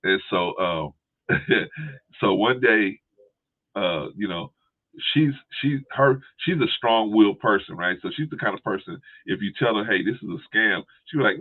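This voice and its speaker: A man co-hosting a casual chat, telling a story animatedly and mimicking other people in a high voice. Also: moderate pace. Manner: animated, acts out quotes in a high voice. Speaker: co-host. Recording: tinny phone-line sound.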